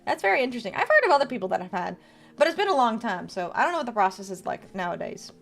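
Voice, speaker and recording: A woman's voice: medium pitch, very animated, fast, vocal fry, soft background music. A woman streamer in casual live chat, giving tarot card readings to viewers in a playful, teasing way. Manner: playful, chatty, reads viewer messages aloud and teases.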